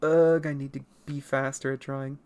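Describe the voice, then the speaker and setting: An artist streamer draws while casually answering chat, playful and rambling, laughing often, swearing occasionally, and making self-correcting asides. The voice is smooth and somewhat dark, medium in pitch, level in tone and moderately paced.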